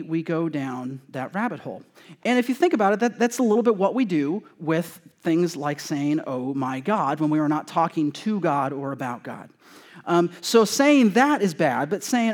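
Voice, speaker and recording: Male pastor with a high voice, casual and joking sermon delivery, acts out quotes. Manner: conversational and joking with the congregation; animated, acting out quoted voices. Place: church sanctuary before a congregation.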